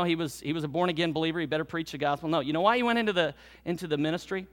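A male pastor gives a Sunday sermon in church, his voice fairly high for a man. His delivery shifts from loud, emphatic exhortation to quiet, slowed lines.

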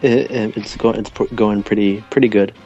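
A man's voice: lowish voice, steady tone, moderate pace, mellow, dull audio, faint music behind. A man chatting in a group call, hesitant and stammering. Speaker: chat participant.

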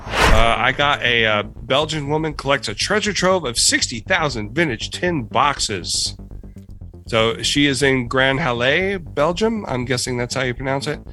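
A man's voice: mid-range voice, animated, measured pace, pushed and bright, faint music behind. A man co-hosting a casual podcast, reading an odd news story in a laid-back way and swearing now and then. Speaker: podcast co-host.

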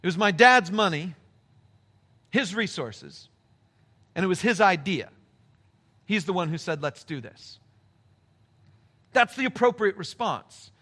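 Brief: male pastor, high and bright voice, emphatic storyteller. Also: animated, a little slow, pauses often. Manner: storytelling, emphatic, shifting pace. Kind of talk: sermon.

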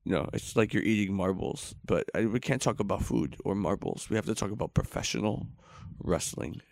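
A man's voice: on the low side, lively intonation, moderate pace, gravelly, a little mellow, no echo. A man playing a nervous, rambling podcast host in a comedy sketch.

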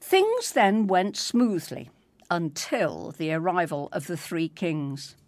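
A woman reading a story aloud in an unhurried, expressive storytelling manner. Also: lowish voice, no room sound. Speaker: reader.

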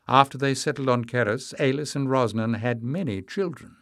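A man voicing a calm, commanding village matriarch. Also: mid-range voice, normal speed, dry recording, studio quality, natural voice. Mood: composed. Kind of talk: audiobook character reading.

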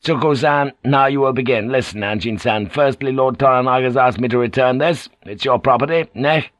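A man's voice: medium pitch, moderate pace, no echo, voice pushed up, natural voice. A man playing a mocking, arrogant warlord. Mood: commanding. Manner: blunt, curt and mocking, broken clipped phrases. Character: arrogant scheming middle-aged male feudal warlord.

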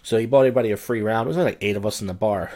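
Middle-aged drunk comedian hosting a solo podcast, low voice, loose and slurring. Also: male voice, very fast, warm tone. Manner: slurred, loose, crude, wandering storytelling. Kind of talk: rambling casual podcast monologue.

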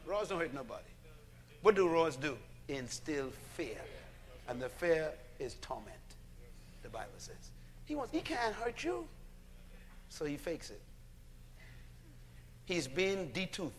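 A man preaching a sermon to a congregation, emphatic and animated, calling for responses and now and then shouting out a line. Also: a little high, measured pace, long pauses, a little hiss or hum.

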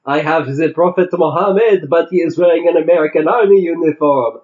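A man's voice: fairly high pitch, a little fast, darkish tone, muffled recording, lightly acted. A man putting on a chortling French snob. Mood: pompous. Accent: mock French. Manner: pompous, chortling "oh ho ho", affected. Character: pompous, smug male French art snob.

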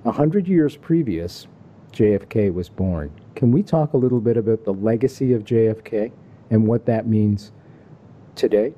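A Canadian man hosts a laid-back talk show, talking to his listeners in a folksy, animated way. His voice is deep in tone, very dark and mellow. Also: moderate pace, dull audio. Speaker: show host. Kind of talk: relaxed talk show hosting. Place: Kingston, Ontario.

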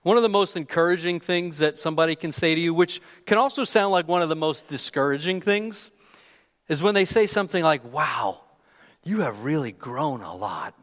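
A man's voice: high-pitched, a little fast, a bit bright, in a large hall. A man preaching a conversational sermon, telling a personal story in a candid, self-deprecating way.

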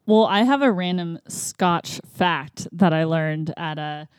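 A woman's voice: on the low side, slow, clear, resonant tone, no room sound, clean studio sound. A woman chatting casually, telling a story in a playful way. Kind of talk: casual chat.

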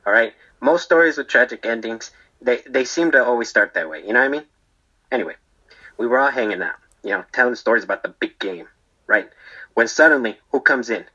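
A man's voice: medium pitch, animated, a little fast, bright, forceful tone, breathy edge, poor audio. A man playing a rambling, defensive barber in prison who tells his story in a comedy monologue and keeps tagging his lines with "okay?" and "right?". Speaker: storyteller being interviewed.

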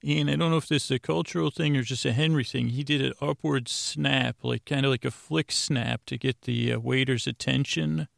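Gravelly man casually recapping a show. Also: medium pitch, fairly even intonation, moderate pace, few pauses, fairly bright tone, dry recording, clean studio sound. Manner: rambling, with many restarts. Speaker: podcast host recapping a TV episode.

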